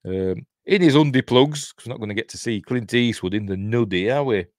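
A man's voice: mid-range voice, brisk, no echo, studio quality. Rambling Yorkshire man, chuckling. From Yorkshire, England. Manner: rambling, chuckling, self-interrupting. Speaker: host. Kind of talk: casual film commentary.

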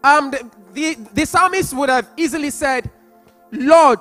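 A male preacher with a strikingly high voice delivers an impassioned sermon. He repeats his phrases, rises into loud sung prayer and keeps pressing each point. Faint music sits behind him. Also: normal speed.

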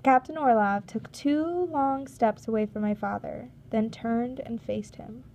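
A woman reading a storybook chapter aloud in a measured, steady narration. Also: on the high side. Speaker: audiobook reader.

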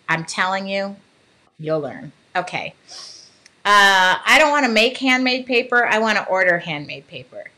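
A woman's voice: mid-range voice, sharp tone. A woman hosting a casual livestream about art, chatting with viewers and laughing often. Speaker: art channel host. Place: home art studio.

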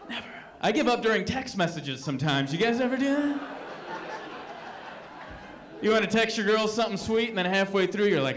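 A young man doing a live stand-up set, telling stories with animated sarcasm. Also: sits high, brisk, crowd noise. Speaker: stand-up comedian. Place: comedy club stage. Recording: noisy live comedy club.

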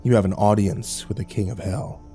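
Cast: cold, sneering fallen angel voiced by a man, low and dark-toned, for a horror storybook reading. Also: steady tone, moderate pace, soft background music, lightly acted. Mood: commanding. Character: sinister black-winged male fallen angel, mocking.

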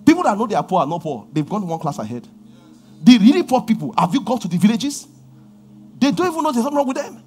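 A Nigerian man preaching in a high, lively voice that leaps up and down. He moves between quiet, confiding asides and sudden loud outbursts. Faint music plays behind him. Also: fast. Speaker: pastor. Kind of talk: sermon.

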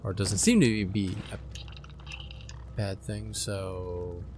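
A man's voice: low-pitched, fairly even intonation, takes it slowly, background noise. A young man giving casual let's-play commentary, chatty and unsure of himself, often speaking to the creatures in the game. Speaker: gaming commentator.

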